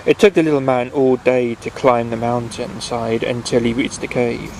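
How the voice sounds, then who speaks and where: A man's voice: medium pitch, flat delivery, moderate pace, creaky, darkish tone, a little hiss or hum, rough recording. A man reading a bedtime story aloud in an unpolished way, with fillers and restarts. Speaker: reader.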